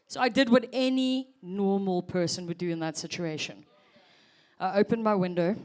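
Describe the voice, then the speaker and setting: A woman's voice: medium pitch, moderate pace, darkish tone, a little hiss or hum. A South African woman in her thirties performing a chatty stand-up set, teasing the audience. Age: 30s. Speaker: stand-up comedian.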